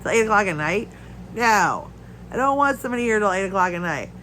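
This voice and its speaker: Stuffy-nosed woman with a cough, lively swinging pitch, rambling home chat, faint hiss. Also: a little fast, rough recording. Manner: rambling, ranting storyteller. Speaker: crafting channel host. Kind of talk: casual chat while crafting. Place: her home.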